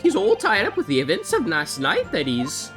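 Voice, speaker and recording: A woman's voice: mid-range voice, huge pitch swings, moderate pace, music in the background. A woman voicing a jovial older Irish man, a witness, in an exaggerated put-on Irish accent with a folksy, theatrical delivery. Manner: folksy brogue, theatrical reading. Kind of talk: game dialogue read aloud.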